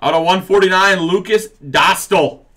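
A man's voice: sits high, normal speed, fairly bright tone. A man hosting a live card break, joking around as he calls out each card and its print run. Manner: playful, jokey, calls out cards and numbers. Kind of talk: live card break banter, reading cards.

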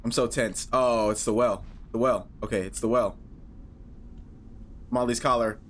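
A man's voice: medium pitch, fairly even intonation, measured pace, slight background noise. A man giving horror game commentary, talking to himself, swearing, and yelping when startled. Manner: jumpy, talks to himself, swears, yelps and shouts when startled. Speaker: gaming YouTuber.

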